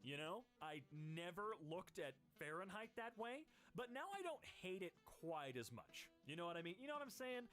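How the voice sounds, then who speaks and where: A man reads internet posts aloud for laughs, hopping quickly between the voices of different posters. His voice sits a little high and swings widely up and down. Soft music plays faintly underneath. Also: big pitch swings. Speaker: host. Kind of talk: comedic reading of internet posts.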